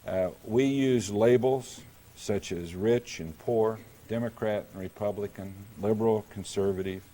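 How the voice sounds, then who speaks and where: Middle-aged man, public lecture, measured deliberate delivery, lowish voice, mellow tone. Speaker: mayor giving a lecture.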